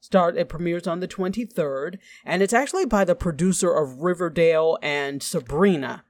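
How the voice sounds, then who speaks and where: Animated Nigerian-accented man, TV chat. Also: a little high, moderate pace, no echo. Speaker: podcast co-host. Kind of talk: casual TV review chat.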